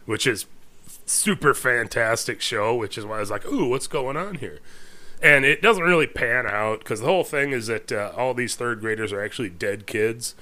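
A man's voice: mid-range voice, moderate pace, sharp tone. A middle-aged man co-hosting a podcast in casual, laid-back chat, drawling and groaning along with his partner. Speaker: podcast co-host.

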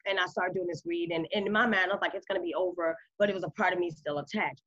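A woman guest in a casual interview, telling her story and acting out quoted dialogue with big jumps in pitch. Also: racing, a bit bright. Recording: slightly dull lo-fi audio.

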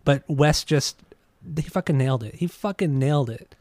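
A man co-hosting a casual music podcast, talking excitedly, swearing and teasing his co-host with frequent laughs. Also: on the high side, moderate pace, no echo, clean studio sound.

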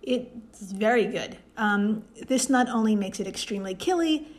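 A woman's voice: medium pitch, expressive, moderate pace. A woman on a casual podcast, playfully explaining a problem step by step with jokes. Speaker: podcast co-host explaining science.

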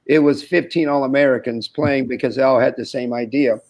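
Speaking a little fast at a medium pitch, this sixty-something man, an ex-college basketball player, shares anecdotes in an interview. He performs the dialogue he quotes and laughs a lot as he goes.

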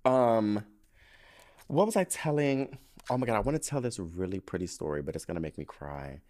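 A man with a fairly low, darkish voice speaks at a moderate pace with lively intonation. He hosts a casual solo podcast into a microphone, rambling, getting emotional and swearing freely as though chatting on the phone.

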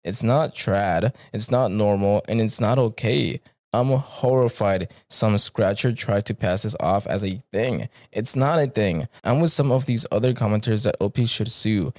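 A man's voice: on the low side, unhurried, a little mellow, no room sound, studio quality. A man hosting a podcast, reading stories aloud in a laid-back, casual way and swearing freely.

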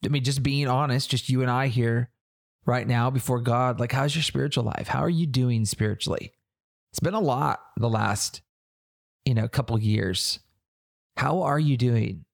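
A man's voice: medium pitch, a little slow, gravelly. A man hosting a faith-based leadership podcast, talking earnestly and conversationally and asking the listener searching questions. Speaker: church leader podcast host. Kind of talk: reflective podcast teaching.

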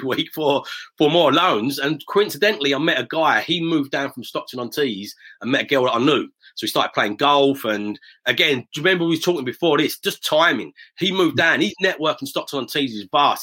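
In a laid-back interview built around storytelling, a guest who invests in property talks fast. He's a middle-aged man from the Romford area of south-east England, with a bright, slightly husky voice of medium pitch, and he acts out the voices of those he quotes.

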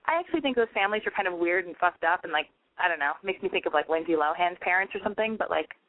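A woman's voice: fairly low pitch, lively intonation, rapid-fire. A young woman hosting a homemade call-in advice show, rambling and cursing freely while mocking herself, her voice a little nasal from smoke. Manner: rambling, profane, self-mocking. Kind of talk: casual call-in radio monologue. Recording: dry, phone-like narrow sound.

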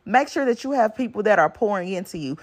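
A woman's voice: medium pitch, expressive, fast. A woman with talks straight to her listeners, blunt and preachy, with swearing woven through her advice. She hammers each point home with a repeated "okay?" in a casual podcast monologue. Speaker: podcast host. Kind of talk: casual motivational talk.

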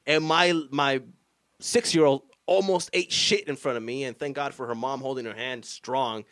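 A man's voice: mid-range voice, moderate pace, fairly bright tone. A man co-hosting a casual stream, laid-back and joking with his friends. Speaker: stream co-host.

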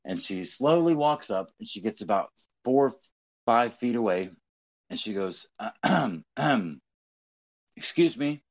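A man's voice: lowish voice, lively intonation, a little slow, darkish tone. A man co-hosting a podcast, telling casual anecdotes in a blunt, profanity-heavy way. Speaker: podcast co-host. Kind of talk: casual storytelling chat.

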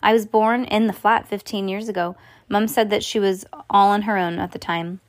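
A woman's voice: medium pitch, fairly even intonation, normal speed, no echo, studio quality, lightly acted. A woman reading the lines of a shy, nervous fifteen-year-old boy in a storybook.

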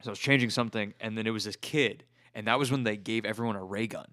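A young man chatting casually with friends, telling animated, profane gaming stories and acting out other players' shouts. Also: lowish voice, fast, a crowd in the background. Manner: animated storytelling, swears a lot, acts out other players' shouts. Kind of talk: casual chat among friends.

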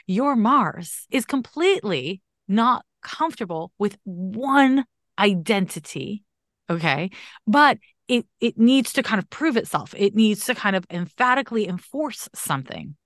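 A woman's voice: medium pitch, unhurried, dry recording. Emphatic woman astrologer, dry sound. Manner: emphatic, animated, casual swearing. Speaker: astrologer podcast host. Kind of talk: conversational astrology reading.

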